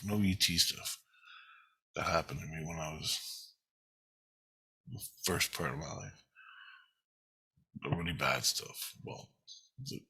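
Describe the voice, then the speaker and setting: A man's voice: deep voice, bright, forceful tone, slightly rough, poor audio. A man in his fifties giving a rambling first-person account of a spiritual experience, intense and emotional, swearing heavily. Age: 50s. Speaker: vlogger recounting a spiritual experience.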